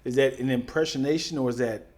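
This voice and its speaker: A man's voice: mid-range voice, fast, a little mellow. A man co-hosting a casual podcast chat, laughing often and slipping into playful put-on voices. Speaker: podcast co-host.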